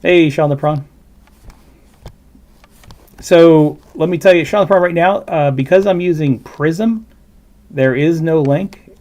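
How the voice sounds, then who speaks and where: A man's voice: fairly high pitch, slow, long pauses, a little mellow. A man hosting a casual livestream, commenting on a video in a rambling, chatty way full of asides. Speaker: livestream host reacting to a video.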